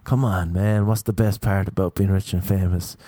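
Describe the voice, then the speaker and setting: A man voicing an excitable young male rapper and cab driver who is starstruck and asks eager, wide-eyed questions. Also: deep voice, moderate pace, no echo.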